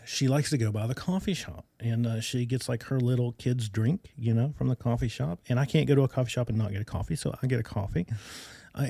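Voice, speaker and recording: A man hosting his own podcast, chatting casually and enthusiastically into a desk microphone, with lots of fillers and quick laughs. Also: medium pitch, a little mellow, no room sound, clean studio sound. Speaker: podcast host. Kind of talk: casual solo podcast chat.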